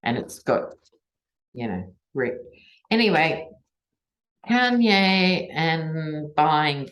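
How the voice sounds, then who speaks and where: A woman with an Australian accent doing a tarot reading and talking to camera in a chatty, digressive, wry way. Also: very deep voice. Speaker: tarot reader and political commentator. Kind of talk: casual chat to camera.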